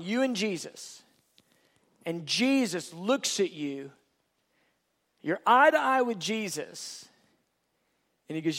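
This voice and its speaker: Brief: high-pitched male preacher, emphatic, repetitive, rhetorical questions. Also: fairly bright tone. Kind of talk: sermon.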